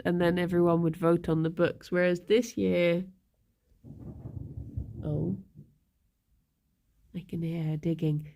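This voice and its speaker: A woman chatting casually on a live stream, halting with fillers and breaking off to baby-talk to her pet. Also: on the low side, a little mellow.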